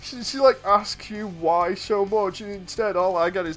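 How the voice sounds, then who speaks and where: A man's voice: high-pitched, moderate pace, fairly bright tone, faint music behind. A man streaming, telling amused anecdotes in casual chat and chuckling often.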